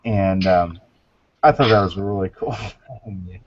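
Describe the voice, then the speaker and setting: A man's voice: low-pitched, a little slow, lo-fi sound. A man in a casual online group chat, rambling and stumbling through a joke. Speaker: chat show regular.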